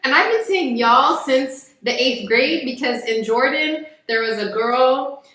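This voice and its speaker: Chatty woman podcast cohost, kinda high voice, echoey room. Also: measured pace, pushed and bright. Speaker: podcast co-host. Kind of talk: casual chat.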